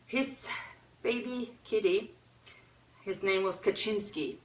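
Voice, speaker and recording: A woman hosting a pet memorial livestream, talking unscripted in a teary, soft-hearted way with sighs and pauses. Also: medium pitch. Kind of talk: unscripted emotional talk. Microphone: phone or webcam. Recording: roomy echo, a bit far from the mic.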